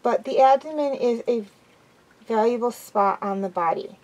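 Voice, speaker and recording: A woman reading a first-person amateur audiobook in a quiet, even way. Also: fairly high pitch, normal speed, low-quality recording. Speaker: audiobook reader.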